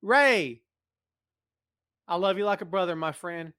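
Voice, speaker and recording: The podcast host, a middle-aged man, greets his live-stream viewers by name and teases them, then grows earnest and serious in his appeal. His voice is high-pitched, fast, clear and resonant with a steady tone, captured in studio quality with no room sound by a mic in front of a camera in a large empty building.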